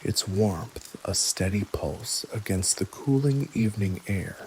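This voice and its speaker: A man gently telling a scripted bedtime history story in the second person, with dry little jokes. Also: lowish voice, a little hiss or hum, rough recording. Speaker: narrator. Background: soft rain.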